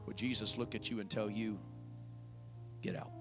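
A man's voice: fairly low pitch, flat delivery, quick pace, over music. A man preaching a sermon, retelling a story dramatically and questioning his listeners directly.

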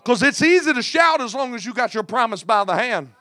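A man's voice: very high voice, lively intonation, fairly quick, pushed and bright, no room sound. A man preaching a sermon in an impassioned cadence punctuated by "uh", with folksy, plain-spoken asides.

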